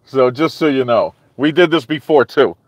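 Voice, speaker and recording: A man's voice: mid-range voice, moderate pace, dry recording. A man hosting a live stream, chatting casually with viewers in a rambling way full of "okay?" and "you know".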